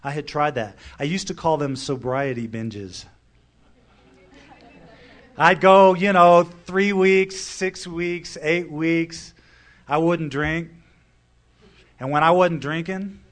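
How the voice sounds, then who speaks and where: Man, middle-aged, fairly high pitch, wry conversational storyteller, recovery meeting speaker. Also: unhurried. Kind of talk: personal story told to an audience.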